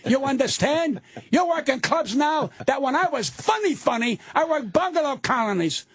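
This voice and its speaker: An older male comedian ranting loudly and profanely as a guest in a radio studio. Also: very high-pitched, animated, normal speed, no room sound. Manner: loud, profane, indignant ranting.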